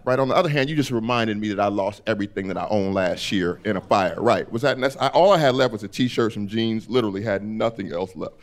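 A man performing a stand-up comedy set on a club stage, animated and acting out characters. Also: on the low side, fast, hardly any pauses.

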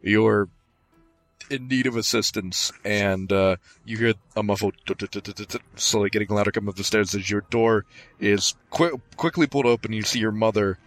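A man narrating as game master, halting and descriptive with many fillers. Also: lowish voice, dry recording.

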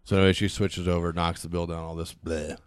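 A man's voice: low-pitched, quick pace, clean tone, no echo, clean studio sound. A man casually telling a funny story, acting out the people in it and laughing often. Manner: animated, acts out dialogue, laughs often. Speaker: guest.

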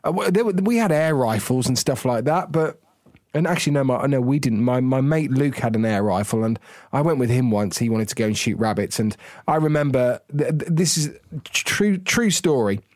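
Brief: English man, podcast co-host, blunt and emphatic, lively pitch, dry mic. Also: moderate pace, no room sound. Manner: emphatic, stammering restarts, blunt. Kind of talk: casual chat.

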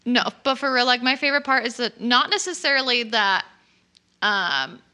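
A woman co-hosting a podcast in casual chat, playful and quick to agree. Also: a little high, expressive, sharp tone. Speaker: podcast co-host.

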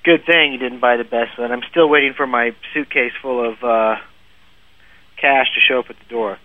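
A man's voice: mid-range voice, fairly even intonation, normal speed, a little hiss or hum. A man telling a long funny story in casual podcast chat, laughing often and restarting his sentences. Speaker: guest storyteller. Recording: phone-like lo-fi, dry.

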